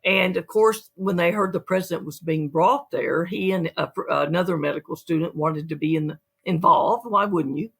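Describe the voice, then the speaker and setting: Husky, gravelly author telling a story. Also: medium pitch, normal speed, hardly any pauses. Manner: lively storyteller who acts out quotes. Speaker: author and guest. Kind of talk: storytelling in an interview.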